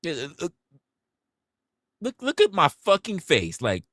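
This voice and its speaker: A young man on a livestream, telling a story to his viewers in a casual, profane, animated way and acting out quotes. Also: on the high side, a little slow, no room sound, studio quality. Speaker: livestream host.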